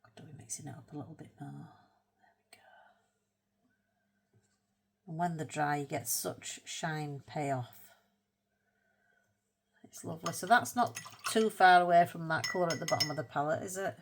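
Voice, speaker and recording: A woman hosting a casual colour-with-me art video. She chats in a rambling, self-mocking way and murmurs softly to herself as she paints. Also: deep voice, moderate pace, creaky, pauses often, slight background noise. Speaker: art channel host.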